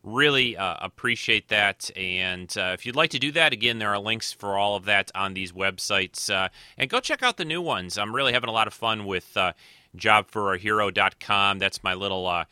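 A man chats through his weekly podcast in a loose, rambling way, pausing often between thoughts. His voice is very bright and crisp, with a slight nasal edge, and sits fairly low. The close mic sounds completely dry. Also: no room sound. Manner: rambling, many filler pauses. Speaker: podcast host. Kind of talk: casual solo podcast talk.

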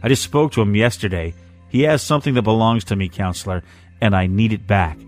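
A man doing a quietly menacing alien intruder. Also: fairly low pitch, a little fast, faint music behind, natural voice. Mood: threatening. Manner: quiet, sarcastic, threatening.

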